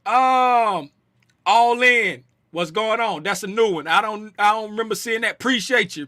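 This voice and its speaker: A man runs a casual livestream, joking and calling out viewers in the chat by name. His voice sits high and sounds very bright and forceful. The sound is dry, with no room echo. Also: animated, normal speed. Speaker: livestream host and trading educator.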